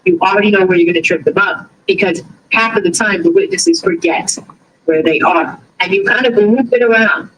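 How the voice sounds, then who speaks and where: A woman's voice: mid-range voice, lively intonation, brisk, slight background noise, rough recording. A woman from Boston with a Boston accent, hosting a livestream in a chatty, rambling style full of fillers and restarts. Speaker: livestream host. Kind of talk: casual livestream commentary.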